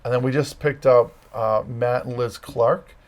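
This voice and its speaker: Relaxed man explaining conversationally. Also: medium pitch, measured pace. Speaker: campus ministry director. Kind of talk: casual interview answers.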